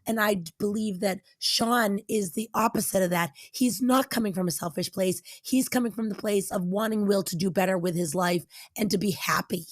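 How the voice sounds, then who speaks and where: A woman's voice: mid-range voice, normal speed, few pauses, no echo, clean studio sound. A woman co-hosting a movie podcast, giving thoughtful, opinionated analysis in casual chat. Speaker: podcast co-host.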